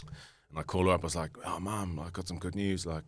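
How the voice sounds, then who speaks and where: A man's voice: deep voice, fairly even intonation, fairly quick, no room sound. A man with a New Zealand accent telling stories on a podcast, rambling with many fillers and restarts. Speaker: guest rugby player. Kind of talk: casual podcast storytelling.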